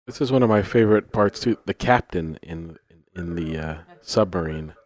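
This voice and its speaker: A man's voice: low voice, normal speed, a little mellow. A man co-hosting a film commentary who mostly chimes in with short replies. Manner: brief agreeing replies. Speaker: podcast co-host.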